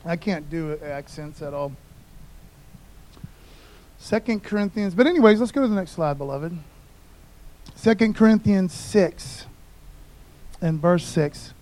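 A man's voice: high-pitched, measured pace, long pauses, a little mellow. A male pastor preaching a casual, conversational sermon, often saying "man" and calling for amens.

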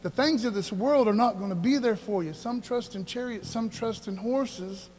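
A man preaching a casual, animated sermon, often dropping "man" into his sentences. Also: sits high, normal speed, in a large hall. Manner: casual and animated, says "man" a lot, preaches with bursts of energy.

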